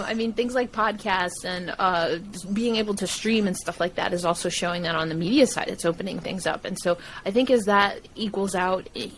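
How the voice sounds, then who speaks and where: A woman, a guest on a podcast, talking in a lively, laughing way. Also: fairly low pitch, a little hiss or hum, rough recording. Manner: animated, laughs often, acts out quoted dialogue. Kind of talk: casual interview chat.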